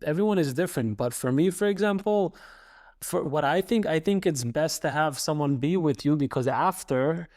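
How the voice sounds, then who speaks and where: A young man, the host's husband, talking in a casual chat in a hesitant, halting way with many restarts. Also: a little high, a little mellow, no echo, studio quality.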